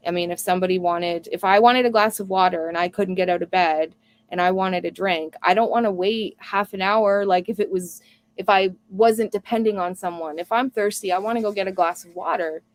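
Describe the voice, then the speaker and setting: A woman's voice: medium pitch, steady tone, fairly quick. A woman hosting a casual live stream, talking earnestly and reading viewer comments aloud. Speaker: homestead live stream host.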